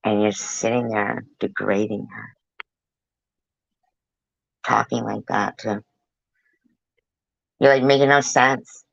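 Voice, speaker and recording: A woman's voice: rumbling low, fairly even intonation, slow, creaky, long pauses, dry recording, lo-fi sound. A woman giving angry reaction commentary on a clip, scolding and cursing with blunt insults.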